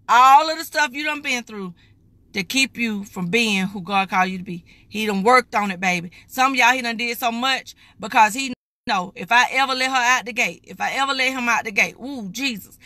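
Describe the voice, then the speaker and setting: A woman's voice: fairly high pitch, pushed and bright, no echo. A middle-aged woman preaches an emphatic, folksy live-streamed morning devotional, calling her viewers "baby.". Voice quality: raspy.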